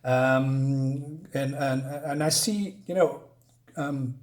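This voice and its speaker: A man's voice: medium pitch, fairly even intonation, extremely slow, darkish tone. A man casually reviewing a comic book, chatty and chuckling at his own jokes, with lots of fillers.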